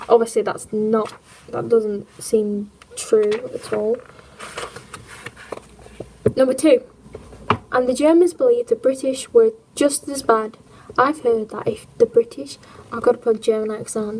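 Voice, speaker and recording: A woman's voice: fairly high pitch, steady tone, unhurried, long pauses, a little mellow, a little hiss or hum, low-quality recording. A woman reading a history book aloud on a livestream, adding wry jokes and puns. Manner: jokey, punning, wry asides.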